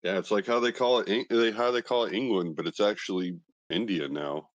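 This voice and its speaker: A man's voice: lowish voice, a little fast, dry recording, highs cut off. An American man chatting casually with crude, sarcastic jokes. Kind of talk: casual chat.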